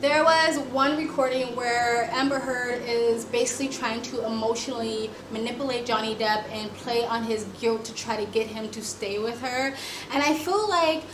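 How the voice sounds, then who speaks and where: A woman's voice: fairly high pitch, normal speed, reverberant, noisy background. A woman hosting a reaction video, giving blunt, sarcastic commentary and swearing freely. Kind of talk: casual commentary.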